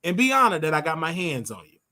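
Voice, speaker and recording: Brash, bright-voiced older male show host. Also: on the high side. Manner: brash, animated and scolding, drawn-out emphatic words. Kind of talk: casual commentary monologue.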